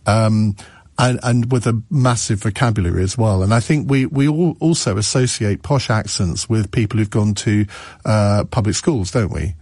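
A man's voice: lowish voice, normal speed, darkish tone, no echo, studio quality. A man hosting a radio phone-in, musing aloud and chatting with callers, often restarting his sentences. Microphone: studio microphone.

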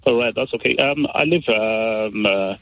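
A man's voice: fairly low pitch, a little slow, no echo. A nervous, upset man calling into a radio phone-in, hesitant and full of fillers and restarts, his voice shaky. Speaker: caller. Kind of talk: phone-in call. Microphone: phone call. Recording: muffled phone line.

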